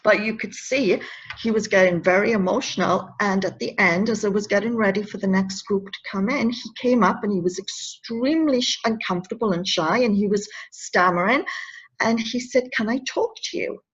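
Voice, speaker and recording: A woman in her fifties, an anti-bullying advocate, tells a personal story as an interview guest. Her mid-range voice is slightly rough and at normal speed, recorded lo-fi, and she sounds earnest and emotional, often stopping and restarting her words.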